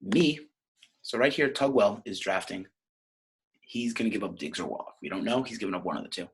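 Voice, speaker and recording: Husky low-voiced brash podcast host. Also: male voice, lively intonation, brisk. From New York. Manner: brash, profane, rambling. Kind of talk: casual podcast rant.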